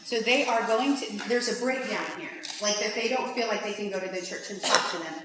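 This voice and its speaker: A woman's voice: medium pitch, a little fast. Chatty woman speaker in an echoey hall. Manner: animated, chatty, many "like"s. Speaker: conference speaker. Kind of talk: faith-based conference talk. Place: large lecture hall. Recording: echoey hall from far off, faint hiss.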